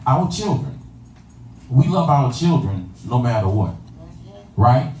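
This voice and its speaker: A man preaches a sermon in a mid-range, darkish voice with big pitch swings, taking it slowly. He uses call-and-response, repeats phrases and asks the congregation "you understand that?" The recording is distant in an echoey room, with faint ambience and slight background noise.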